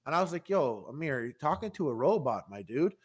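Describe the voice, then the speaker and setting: A man's voice: fairly high pitch, brisk, husky. A man telling a story in casual podcast chat, acting out the people in it. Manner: animated anecdote-telling, acts out quotes. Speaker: podcast guest.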